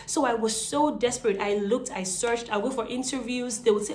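A woman's voice: a little high, fairly quick, darkish tone, slight background noise. A young woman from Nigeria with a Nigerian accent, casually telling her own story to the camera in a chatty way, with many fillers. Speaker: vlogger.

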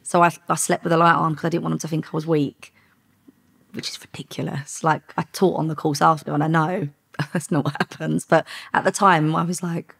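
A middle-aged woman, a former undercover police officer, telling lively stories in a podcast interview and acting out the dialogue. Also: low voice, a little fast, vocal fry, breathy edge. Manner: lively anecdotes with quoted dialogue, frequent laughs.

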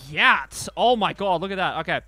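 Young male streamer, crude joking play-by-play, higher voice, faint game music. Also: lively intonation, normal speed, no echo. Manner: profane, joking, yelling bursts. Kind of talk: gameplay commentary.

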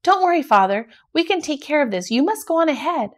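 A woman's voice: high voice, very animated, brisk, voice pushed up. A woman reading the lines of a confident, determined young princess in a storybook.

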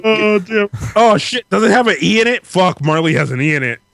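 A man chatting casually as a podcast guest, swearing freely and reacting quickly. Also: sits high, animated, gravelly, fairly bright tone. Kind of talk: casual chat.

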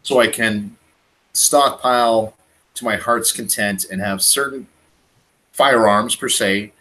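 A man from Canada talking in a casual prepping chat, animated and emphatic, often repeating words. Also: lowish voice, slow, rough recording. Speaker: guest on a prepping livestream.

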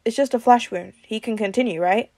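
A woman's voice: on the high side, fairly quick, a little mellow, dry recording. A firm male team leader calls the group together and gives orders, as a woman reader acts him out. The recording is close and dry. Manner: firm, directing.

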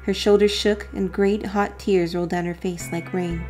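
A woman's voice: on the low side, little pitch movement, moderate pace, hardly any pauses, darkish tone, faint music behind. A woman reading a visual novel aloud for a gameplay video and breaking in with dry asides. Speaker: let's play narrator.

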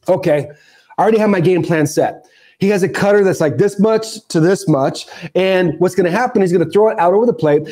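A man in his forties tells a story on a podcast, his voice sitting high for a man. He's animated, rising and dropping a lot and acting out the shouts and asides he quotes. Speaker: podcast guest, former ballplayer. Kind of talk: storytelling interview.

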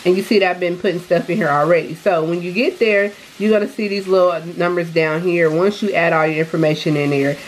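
A woman's voice: on the low side, fairly even intonation, fairly quick, hardly any pauses, slight background noise, low-quality recording. A woman vlogging casually from her home kitchen, chatting upbeat to viewers and calling them y'all. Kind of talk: casual vlog chat.

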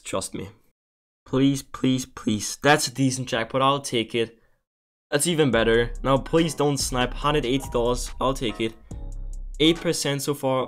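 A young man streams online gambling, talking casually to his viewers and often pleading and swearing in exasperation. His voice is medium-pitched.

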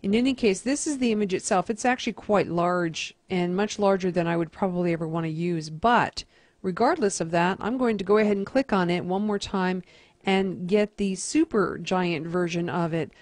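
Woman, teacher, lowish voice, step-by-step screen tutorial, dry close sound. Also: moderate pace, a little mellow, no room sound. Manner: methodical, step-by-step instruction.

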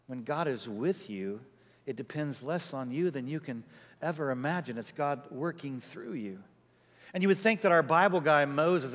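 A male pastor preaching a sermon, telling a personal story with lively quoted voices. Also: fairly high pitch, moderate pace. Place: large church sanctuary. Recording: church hall reverb.

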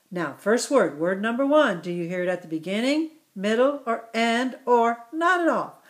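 A middle-aged woman teacher leading a phonics drill for children, repeating each word slowly and encouraging them. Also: mid-range voice, expressive. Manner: slow, encouraging, exaggerated word repetition.

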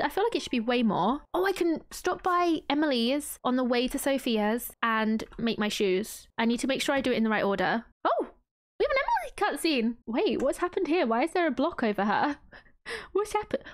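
High, bubbly woman gaming streamer. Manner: excitable and gushing, with frequent gasps and laughs. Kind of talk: casual let's-play commentary.

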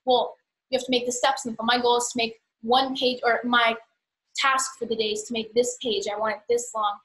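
A woman's voice: a little high, flat delivery, fairly quick, fairly bright tone, poor audio. A teenage girl chatting casually on a podcast, hesitant, with many fillers. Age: teens. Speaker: guest's daughter. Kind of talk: casual chat.

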